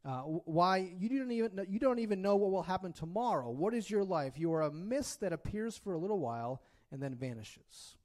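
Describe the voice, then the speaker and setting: A man's voice: high-pitched, lively intonation, brisk, hardly any pauses, darkish tone. A man preaching a sermon in a conversational way, often checking in with his listeners and delivering it expressively. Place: church.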